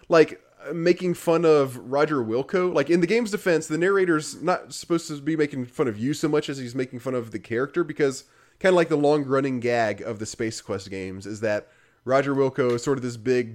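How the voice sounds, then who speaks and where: A man in casual conversation, rambling through a critical game review with lots of fillers and the odd laugh. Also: medium pitch. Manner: rambling, heavy use of fillers, frequent laughs; dry, critical.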